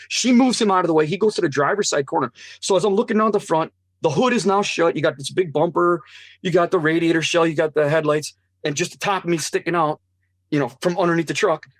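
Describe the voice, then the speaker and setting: A fairly high-voiced man tells his own story as a guest, earnest and animated, slipping into the voices of the people in it. The sound is dry and close, with no room echo. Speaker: interview guest. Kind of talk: personal testimony storytelling.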